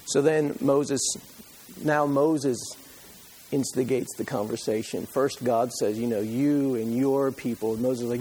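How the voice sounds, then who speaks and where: A man's voice: mid-range voice, lively intonation, slow, husky. A man preaching a sermon, reading scripture aloud and retelling it with passion, pleading at times and dropping to a near whisper at others. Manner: impassioned, pleading when voicing Moses, dropping to a hush.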